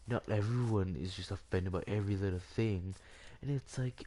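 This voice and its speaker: Low-voiced man ranting over a game. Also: moderate pace, dark tone, slight background noise. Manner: rambling, repeats himself, leans heavily on "like". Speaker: gaming channel host. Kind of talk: rambling rant over gameplay.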